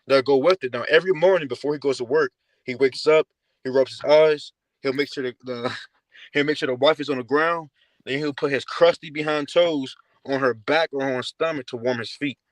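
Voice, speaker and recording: Male speaker, mid pitch, slangy and casual, dry close mic. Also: fairly quick, no echo, poor audio. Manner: casual, slangy, ends lines with "man". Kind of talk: scripture teaching.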